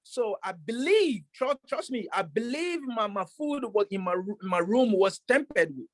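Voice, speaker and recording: A professional boxer telling a story in a casual interview, rambling with many fillers and restarts. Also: male voice, high voice, big pitch swings, normal speed, dry recording.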